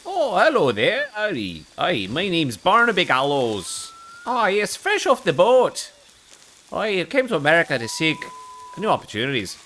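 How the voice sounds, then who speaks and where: Give me a man putting on a hammy fake-Irish newcomer, lively and bright. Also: sits high, slight background noise, pitched above the performer's own voice, heavily acted. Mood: hammy friendly. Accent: put-on bad Irish accent. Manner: overly friendly, slow and hammy. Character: man faking a bad Irish immigrant persona. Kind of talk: roleplay in a game.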